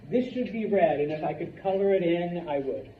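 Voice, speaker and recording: A man teaching a Spanish class in a classroom, unhurried and checking in often with the students. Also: high-pitched, expressive, recorded from a distance, slight background noise. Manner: unhurried, many fillers and check-ins. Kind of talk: classroom lecture. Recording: roomy lo-fi classroom recording from afar.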